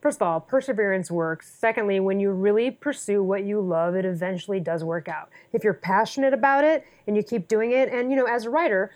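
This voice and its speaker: A woman's voice: mid-range voice, brisk, few pauses, a little mellow. A woman hosting a podcast interview, speaking in an enthusiastic, effusive way in casual chat. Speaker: podcast host.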